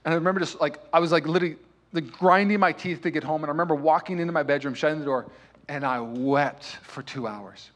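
Young male pastor, sermon delivery, a touch higher-pitched, passionate swells and emphatic peaks. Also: fairly even intonation, very fast. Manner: impassioned preaching with loud, rising peaks. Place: church sanctuary.

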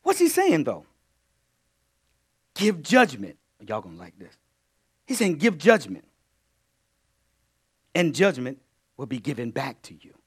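Animated preacher man, big swings in pitch. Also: measured pace, long pauses, slightly rough. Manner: call-and-response preaching, swings between loud bursts and low asides. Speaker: pastor. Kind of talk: sermon.

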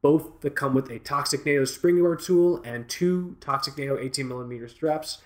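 A man's voice: medium pitch, normal speed. A man co-hosting a watch podcast in casual chat, rambling and joking with lots of fillers and restarts. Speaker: podcast co-host.

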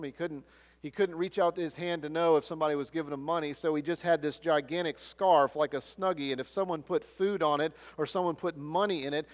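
A man preaching a sermon, swinging between loud proclaiming and hushed, low-spoken lines. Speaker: pastor. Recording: long hall reverb.

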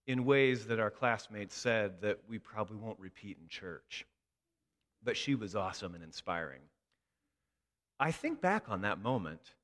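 A man preaching a sermon in a church, telling a story in an emphatic, expressive way. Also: mid-range voice. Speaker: pastor. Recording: long hall reverb.

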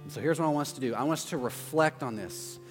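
A man's voice: medium pitch, quick pace. Man preaching in a reverberant church hall. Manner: conversational, acts out quotes with loud yelps. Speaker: pastor. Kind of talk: sermon. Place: church auditorium. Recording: long hall reverb, faint music.

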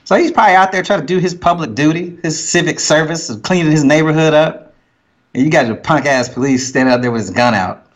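A man in casual chat, telling stories at an unhurried pace and swearing now and then. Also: fairly high pitch. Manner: unhurried storyteller, profane.

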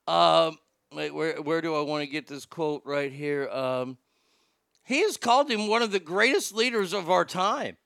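A man hosting a podcast, chatting in an excitable, profane way and stumbling over names as he reads news out loud. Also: on the high side, measured pace, gravelly, dry recording, studio quality. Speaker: podcast host. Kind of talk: casual banter.

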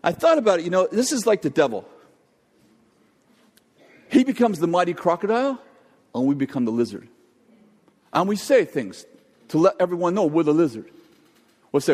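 An older man preaching a sermon, telling a jokey family story in an animated way. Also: high voice, normal speed, pauses often. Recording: long hall reverb.

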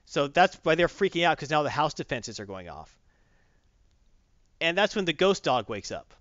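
Animated, rambling man reviewing comics. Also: fairly high pitch, moderate pace, no room sound, dull audio. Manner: rambling, animated, retells with voices. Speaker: podcast host. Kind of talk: casual comic review chat.

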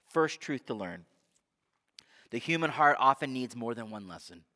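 A man preaching a sermon as pastor, conversational and animated, often asking his listeners rhetorical questions. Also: medium pitch, normal speed. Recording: long hall reverb.

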